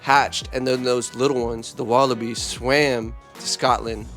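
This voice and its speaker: Energetic joking male vlog host. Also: mid-range voice, unhurried, soft background music. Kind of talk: comedic vlog.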